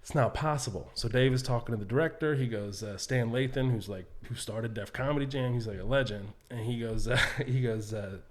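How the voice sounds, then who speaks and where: A man spins a lively backstage story in easy podcast chat. He drops into other people's voices as he quotes them and laughs often. His pitch sits right in the middle for a man. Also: fairly quick, hardly any pauses. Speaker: comedian guest.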